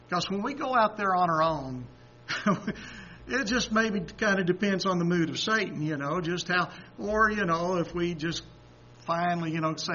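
A man preaching a sermon who swings from quiet, low asides to loud, excited exhortation, acting out quoted voices and chuckling between points. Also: a little hiss or hum. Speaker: pastor. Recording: dull lo-fi recording.

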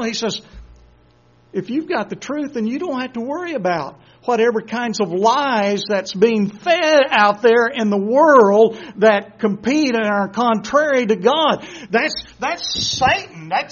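A man with a very high voice preaches a sermon, often dropping to quiet, low asides and then climbing into loud, excited exhortation. He acts out quoted voices and chuckles between points. The recording sounds dull and lo-fi. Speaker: pastor.

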